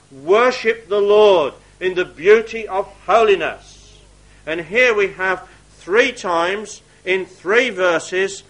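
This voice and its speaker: A man preaching a sermon, reading scripture aloud in old wording and dropping to quiet asides to the congregation. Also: high voice, poor audio.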